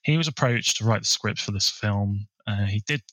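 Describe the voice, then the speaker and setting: A man co-hosting a podcast, chatting casually about a film and sharing bits of research in a relaxed way. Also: fairly low pitch, normal speed, dry recording, poor audio. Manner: relaxed, shares researched trivia. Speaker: podcast co-host.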